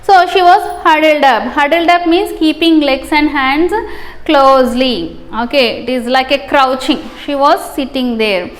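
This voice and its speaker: High-voiced Indian English woman tutor. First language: Telugu. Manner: explains each word, repeats, checks with "right?". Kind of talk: classroom explanation of a story.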